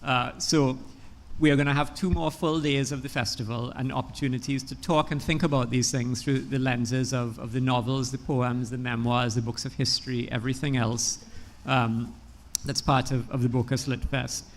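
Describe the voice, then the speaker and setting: A man's voice: mid-range voice, little pitch movement, normal speed, few pauses. A man moderating a literary festival panel, introducing questions in an easy, conversational way.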